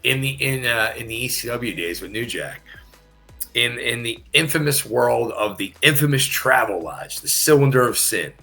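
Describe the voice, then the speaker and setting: A middle-aged former wrestler guests on a podcast, telling wild stories casually and profanely, laughing and repeating himself. His mid-pitched voice is creaky, bright and forceful, animated at a normal pace, with soft music in the background.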